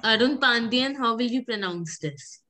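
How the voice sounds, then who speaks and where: A woman, teaching a French pronunciation class, patiently repeating words and gently correcting her students. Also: on the high side, animated, normal speed, slight background noise.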